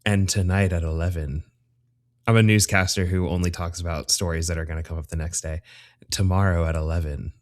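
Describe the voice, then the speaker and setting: A man putting on a deep-voiced late-night newscaster who teases the stories coming up tomorrow. He keeps the smooth, low delivery of a TV anchor. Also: steady tone, brisk, close to an everyday voice. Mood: teasing.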